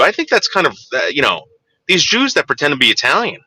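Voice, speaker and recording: A man's voice: a little high, wildly swooping pitch, quick pace, sharp tone, dry recording, rough recording. A man in his forties telling a crude, rambling anecdote, full of fillers and digressions. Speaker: storyteller.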